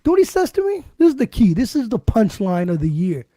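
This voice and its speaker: A man hosting a podcast in casual chat, telling animated stories, swearing a lot and acting out what people said. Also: high-pitched, brisk, no echo. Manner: animated storyteller, swears a lot, acts out quotes. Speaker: podcast host.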